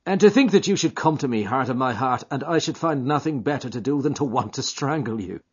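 A man's voice: medium pitch, expressive, fairly quick, breathy edge, voice pushed up. A man doing a coaxing lover. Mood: relieved. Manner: coaxing, earnest brogue. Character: young Irish man, smooth-talking, secretive lover. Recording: dull lo-fi recording.

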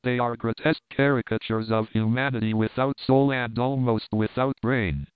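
A man's voice: mid-range voice, clean tone, dry recording, close to an everyday voice. A man playing a scheming, solemn doctor. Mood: grave. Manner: solemn, measured, persuasive. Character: scheming grave male doctor, middle-aged. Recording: narrow phone-like band.

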